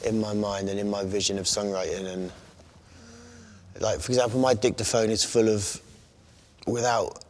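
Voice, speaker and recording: A man, a guest songwriter talking in a casual interview, meandering and halting as he thinks aloud. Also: on the low side, steady tone.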